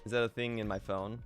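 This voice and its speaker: Low-voiced man streaming a game. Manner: thinks aloud, reads chat, many fillers. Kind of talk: casual live game stream.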